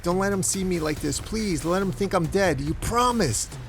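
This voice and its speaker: A man's voice: sits high, normal speed, a little hiss or hum, voice pushed up. A man voicing a broken, ashamed old man who begs in anguish. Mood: pleading. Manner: begging, anguished.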